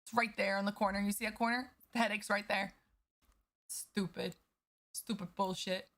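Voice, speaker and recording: A woman's voice: medium pitch, little pitch movement, quick pace, fairly bright tone. A woman livestreamer chatting casually with her viewers, candid and profane as she vents. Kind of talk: casual chat with stream viewers.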